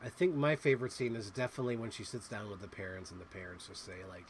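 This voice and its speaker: A young man co-hosting a casual movie chat, playful and quick to act out quotes with a laugh. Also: lowish voice, expressive, background noise. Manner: playful, jumps into quoted voices, frequent laughs. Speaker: co-host.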